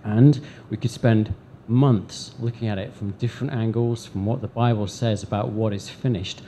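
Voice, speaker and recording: A man preaching a sermon to a congregation in church, deliberate, with dramatic pauses and emphatic swells. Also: on the low side, fairly even intonation, dark tone, a little hiss or hum. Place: church service before a congregation.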